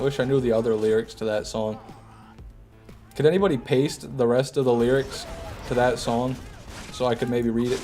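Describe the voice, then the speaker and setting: A young man with an American accent chats loosely over his game, cracking jokes and ranting to his viewers in a middle-pitched voice. Faint game music plays under him. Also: fairly even intonation, moderate pace, pauses often, mellow. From Michigan, USA. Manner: joking, rambling, talks to chat. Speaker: gaming streamer. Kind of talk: casual livestream commentary.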